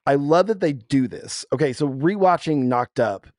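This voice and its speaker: A man co-hosting a podcast, animated and chatty, telling stories with quick asides. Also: a little high, no room sound, clean studio sound. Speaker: podcast co-host. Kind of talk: casual chat.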